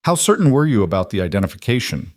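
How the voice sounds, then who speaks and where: A man doing a cold, deep-voiced mafia boss. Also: very animated, quick pace, darkish tone, no room sound, studio quality. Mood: cold, commanding. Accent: faint European trace. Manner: controlled, coldly commanding.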